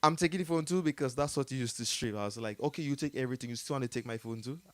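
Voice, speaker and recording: A man's voice: medium pitch, rapid-fire, a bit bright, no echo. A man with a Jamaican accent telling a story in a casual interview, rambling with many fillers and frequent laughter. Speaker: artist telling his story as a guest.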